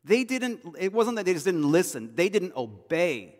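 Conversational pastor in a reverberant hall. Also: male voice, high-pitched, sing-song, moderate pace. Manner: conversational, storytelling with asides and repeated phrases. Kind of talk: sermon.

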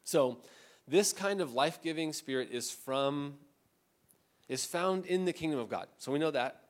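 A man preaches a sermon in an easy, conversational way, slipping into the voices of the people he quotes. His delivery swings from bright and lively to soft and low. He sounds like a pastor talking to his own congregation. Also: moderate pace. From Southern California. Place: church.

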